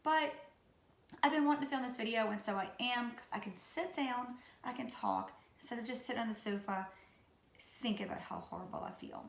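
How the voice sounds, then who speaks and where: A woman in her late thirties from Louisiana, with a Louisiana accent, who sounds raspy and sick, chatting casually and goofily to camera about herself. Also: on the high side, a little fast, reverberant. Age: 30s. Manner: goofy, chatty. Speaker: vlogger. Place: room at home.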